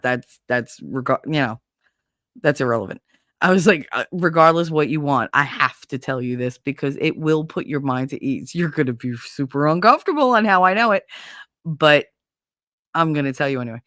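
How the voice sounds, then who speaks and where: A middle-aged woman with a New York accent, hosting a podcast and telling a casual story, animated and blunt, laughing often and acting out what people said. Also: low voice, moderate pace, dry recording, clean studio sound. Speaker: podcast host.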